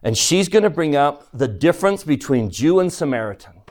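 A man's voice: a little high, big pitch swings, normal speed, a little mellow. Man teaching a scripture class, questioning. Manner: poses questions to the class and retells scripture scenes. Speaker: religion teacher.

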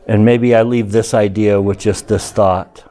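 A middle-aged man giving a speech, telling personal stories in an animated way and acting out the people he quotes. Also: on the low side, measured pace. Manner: animated storyteller, acts out quotes, chuckles through stories. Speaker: speaker addressing an audience.

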